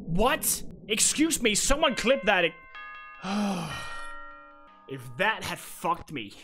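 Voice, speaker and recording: A man's voice: high voice, very animated, slow pace, sharp tone, soft background music. A young man streaming a horror game live, swearing freely and bantering with his chat. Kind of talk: live gameplay commentary.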